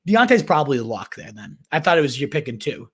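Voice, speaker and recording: A man's voice: fairly high pitch, big pitch swings, fast, breathy edge. A man hosting a live fantasy football Q&A, talking in a hyped, slangy way, often restarting mid-sentence. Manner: hyped, slangy, calls viewers "baby" and "my dude"; restarts and repeats words while thinking aloud. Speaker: fantasy football livestream host. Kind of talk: casual live Q&A chat.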